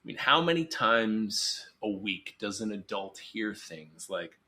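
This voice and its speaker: A psychologist guest in a podcast interview, talking earnestly and emphatically, sometimes acting out quoted voices. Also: male voice, fairly low pitch, very animated, a little slow, hardly any pauses, bright, forceful tone.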